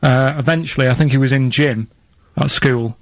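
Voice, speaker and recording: A man's voice: mid-range voice, steady tone, moderate pace, no room sound. A man with a Manchester accent, a regular on a radio show, telling stories in a plain, matter-of-fact way. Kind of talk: casual radio banter. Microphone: studio microphone.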